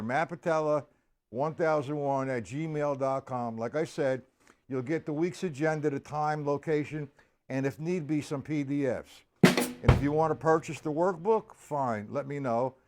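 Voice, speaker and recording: A man's voice: a little high, normal speed, background noise. A man teaching a live-streamed drum lesson in a casual way. He greets viewers by name and counts beats aloud. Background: drums and music.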